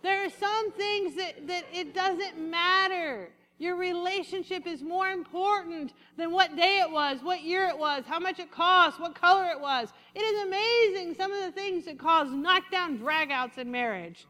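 A woman preaches with lively energy, dropping low and slowing down for quoted lines and then climbing back up. Her voice sits high and sounds bright and sharp. A long reverb trails each phrase, as if she speaks in a large hall. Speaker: pastor. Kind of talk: sermon.

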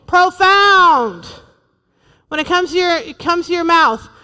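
A woman's voice: extremely high pitch, animated, slow pace, bright, forceful tone, in a large hall. A woman in her forties preaching a sermon to a church, humorous and emphatic, repeating her points. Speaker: pastor's wife preaching.

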